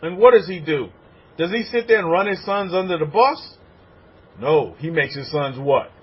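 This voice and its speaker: A man preaching a sermon as a rabbi, animated and repetitive. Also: a little high, normal speed, slightly rough, highs cut off. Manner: animated preaching, acts out congregants' voices.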